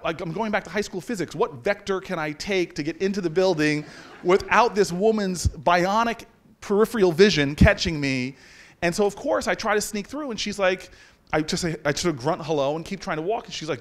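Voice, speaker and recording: A man's voice: sits high, a little fast. A man in his forties telling a self-mocking story as a guest speaker in a university lecture hall. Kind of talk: storytelling speech to an audience.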